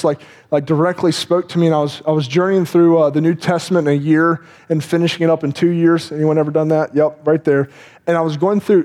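A man's voice: fairly high pitch, a little mellow. A man preaching a sermon in an earnest, conversational way, often repeating words and acting out people's inner thoughts.

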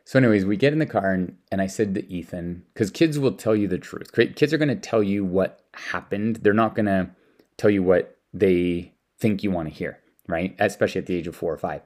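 Speaking low, somewhat quickly and with a darkish tone, a man from Canada rambles through casual anecdotes about teaching his young son. His words come with frequent repeats and restarts.

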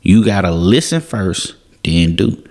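A young man hosts a devotional podcast, teaching a Bible passage in an earnest, casual way while often repeating and restarting his words. His low voice is expressive, a little slow, and a little mellow.

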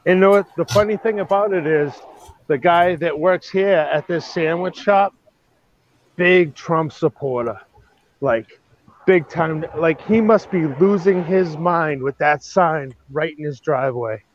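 A Boston-accented man from Massachusetts phones in from outside, reporting bluntly and plainly on his area in a casual call-in. His voice is on the high side and a little slow, heard through dry, dull lo-fi call audio with slight background noise.

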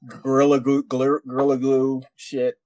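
A man spins a long army story on a podcast, swearing a lot and restarting his sentences often. His voice sits at a mid pitch. The sound is dry and close on the mic. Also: completely flat delivery, moderate pace, darkish tone, no room sound. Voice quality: rambling, profane, many restarts. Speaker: podcast co-host, military veteran. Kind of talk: casual storytelling.

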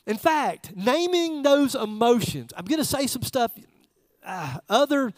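A man's voice: extremely high pitch, big pitch swings, unhurried, no room sound. A man preaching a sermon in a church service, talking conversationally and putting direct questions to the congregation. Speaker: pastor.

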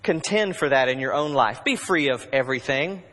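A male pastor preaching a sermon in a church, conversational, moving between urgent bursts and hushed asides. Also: mid-range voice, animated, moderate pace. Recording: long reverb of a large hall.

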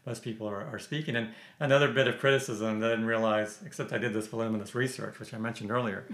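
A man's voice: lowish voice, fairly even intonation, quick pace, fairly bright tone. A man discussing a film in a casual panel chat, who often restarts and repeats words while building his point. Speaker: film critic. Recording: roomy echo.

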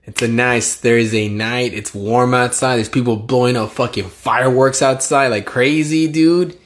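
A man's voice: mid-range voice, steady tone, normal speed. A young man from the United States hosting a casual podcast on a live stream, rambling and joking with slang and swearing. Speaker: podcast host.

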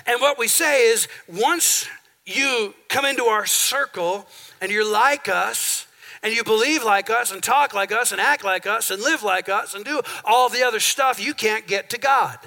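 A pastor from central Minnesota delivers a sermon in a church sanctuary, his voice high, gravelly, pushed and bright, and a little slow. He keeps the tone conversational and asks the congregation for amens.

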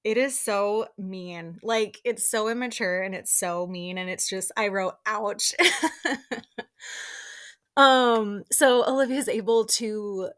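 A young woman hosting a podcast, recapping a show in animated, gossipy casual chat full of fillers. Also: mid-range voice, slow pace.

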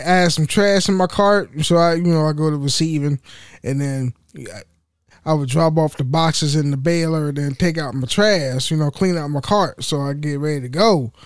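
A man's voice: a little high, no room sound, studio quality. A man podcasting alone, venting in a rambling, profane way with many restarts. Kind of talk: casual venting monologue.

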